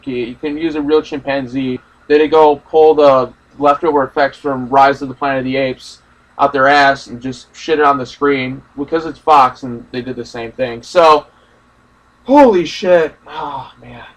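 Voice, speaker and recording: A man's voice: medium pitch, fairly even intonation, moderate pace, far from the mic, rough recording. A young man ranting in a casual, profane, rambling way about a film he just saw. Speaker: movie reaction host. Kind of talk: casual ranting movie discussion.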